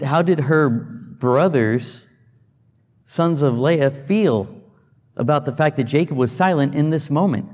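A man preaching a sermon in a church, talking it through like a teacher, with restarts and questions thrown at the congregation. His mid-pitched voice rings out with a long reverb from the hall around him. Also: darkish tone. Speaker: pastor. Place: church sanctuary.

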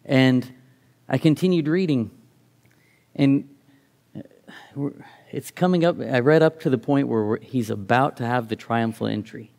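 A man's voice: mid-range voice, a little slow, creaky, long pauses, a little mellow. A middle-aged man giving a reflective sermon, reading scripture aloud and often restarting his phrases. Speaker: preacher.

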